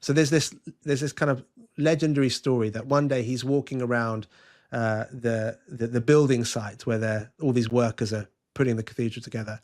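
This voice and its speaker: A man's voice: medium pitch, steady tone, moderate pace, darkish tone. A man, a podcast guest talking earnestly and telling an anecdote, with frequent restarts. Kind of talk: conversational interview, storytelling.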